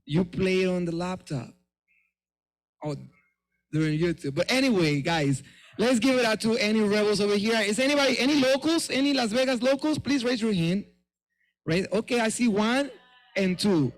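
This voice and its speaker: A man's voice: high voice, normal speed, low-quality recording. A man performer working the crowd from the stage with call-and-response prompts. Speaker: musical performer.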